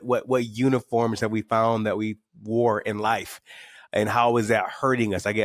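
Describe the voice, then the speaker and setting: A middle-aged man, an author and speaker, is a guest on a podcast interview. His low voice is captured close and dry with no echo or room sound. He tells candid stories, often repeating words as his energy builds.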